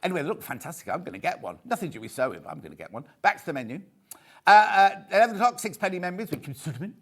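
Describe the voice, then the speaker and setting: A man with a fairly high voice hosts a live television shopping show. He talks in a chatty, camp and jokey way. He also reads out viewer messages as he goes. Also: very animated, racing, fairly bright tone. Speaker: shopping channel presenter.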